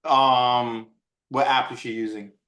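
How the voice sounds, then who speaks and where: A man's voice: medium pitch, steady tone, slow, fairly bright tone. A man in casual chat, easygoing and agreeable, giving upbeat life advice. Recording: echoey room sound.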